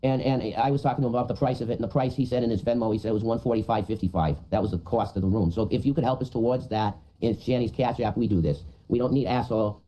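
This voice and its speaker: A man's voice: medium pitch, fast talker, hardly any pauses, warm tone, low-quality recording. A man on a livestream, rambling crudely and repeating himself in casual chat.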